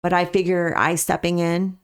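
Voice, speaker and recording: A woman's voice: fairly low pitch, level tone, moderate pace, smooth. A woman, a dog breeder, telling a story as a podcast guest in an earnest, emphatic way, often repeating her key points. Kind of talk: conversational storytelling.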